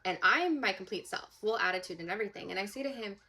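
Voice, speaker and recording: A woman's voice: medium pitch, expressive, fast talker, pushed and bright. A young woman, a psychic medium, telling a personal story to camera in an emphatic, casual way, full of "like" and "okay?".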